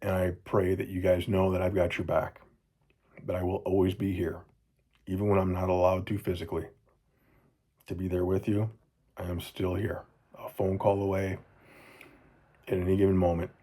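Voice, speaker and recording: Earnest low-voiced man in his forties. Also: flat delivery, moderate pace, long pauses. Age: 40s. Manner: earnest, heartfelt, often drops to a soft low voice; repeats phrases for emphasis. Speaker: father speaking to his children. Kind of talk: personal video journal.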